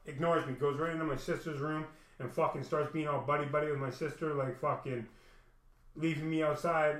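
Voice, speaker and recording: A man's voice: mid-range voice, fairly bright tone, reverberant. A man rambling through a personal story to his camera at home, swearing heavily and restarting often. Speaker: vlogger. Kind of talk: emotional personal monologue. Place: room at home.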